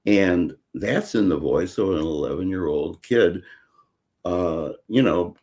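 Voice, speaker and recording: An older man from Chicago, a guest author talking in a casual interview, halting with many fillers and restarts. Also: deep voice, a little mellow.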